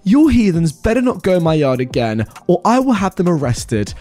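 A man voicing a hostile middle-aged woman neighbor who screams insults in a high, shrill voice. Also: big pitch swings, normal speed, dark tone, faint music behind. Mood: shrieking insults. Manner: screaming, insulting, self-righteous.

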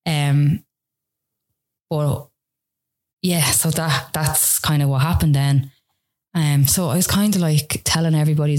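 An Irish woman appearing as a podcast guest rambles through a personal story in casual conversation, dropping "like" constantly and retelling dialogue. Her voice is deep and a little mellow.

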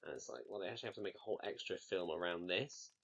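A man chatting casually as a podcast co-host, measured and dryly wry. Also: low-pitched, a bit bright, muffled recording, slight background noise. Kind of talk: casual chat.

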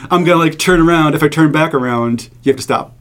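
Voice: medium pitch, a little hiss or hum. A podcast co-host in easygoing casual chat who laughs often and explains the segment rules.

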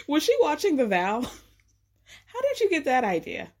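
A woman giving casual recap commentary with sarcastic asides and frequent laughs. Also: sits high. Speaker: recap vlogger.

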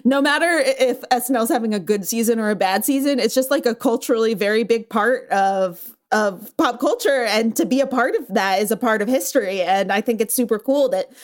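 A woman's voice: fairly high pitch, brisk, hardly any pauses. A woman hosts an entertainment news chat with a slightly raised voice. She recaps stories in a breezy, chatty way and laughs often. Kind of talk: casual chat.

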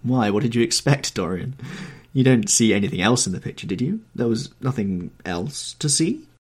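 A man's voice: medium pitch, big pitch swings, normal speed, slightly rough. A man voicing an earnest, wistful painter. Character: earnest middle-aged male painter, devoted and wistful. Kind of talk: audiobook character reading.

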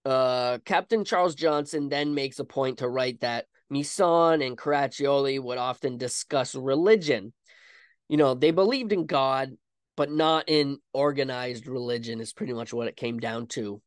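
A man's voice: medium pitch, moderate pace, dry recording, studio quality. A man hosting a podcast, telling a history story in a chatty, casual way with frequent asides. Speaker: podcast host.

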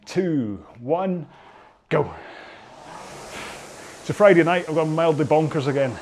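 A man's voice: fairly high pitch, a little fast, darkish tone. A man coaching an indoor rowing workout while rowing, chatty and rambling, often mocking himself.

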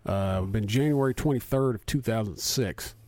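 A man's voice: fairly low pitch, darkish tone. A man in his thirties, a podcast guest in casual chat, rambling and poking fun at himself while laughing often. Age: 30s. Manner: self-mocking, rambling, quick to laugh.

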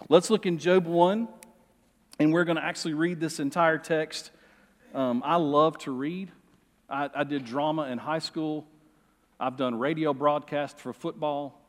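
A middle-aged male pastor preaching a sermon in a church, expressive and joking with the congregation. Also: fairly high pitch. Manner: lively, expressive, jokes with the congregation. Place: church sanctuary. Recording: long reverb of a church hall.

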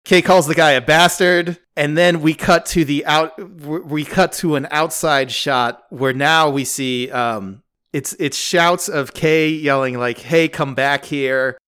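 A man's voice: fairly high pitch, unhurried, fairly bright tone, clean tone. A man co-hosting a podcast, casually retelling a scene and quoting its lines on a close home mic. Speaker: podcast co-host. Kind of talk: casual recap chat.

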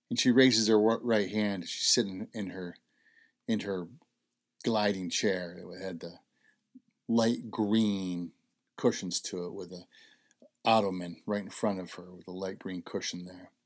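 A man's voice: sits low, steady tone, measured pace, long pauses. A man hosting a health talk, telling a personal story in a conversational way and repeating key phrases for emphasis. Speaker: host.

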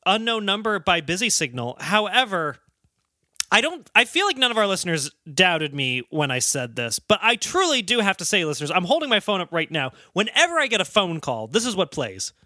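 A man's voice: high-pitched, big pitch swings, fairly quick, pushed and bright, dry recording, studio quality. A man co-hosting a casual podcast, joking around and laughing, then wrapping up the episode. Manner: jokey, chuckling, sign-off patter. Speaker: podcast co-host.

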